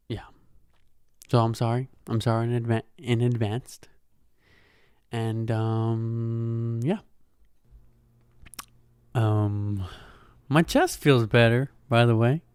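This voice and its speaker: Slow, laid-back young man hosting a podcast. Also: mid-range voice, a little mellow, clear, resonant tone, dry recording, studio quality. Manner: laid-back, rambling, frequent "dude" and "man"; swearing, joking, chuckling. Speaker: podcast host. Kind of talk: casual solo podcast chat.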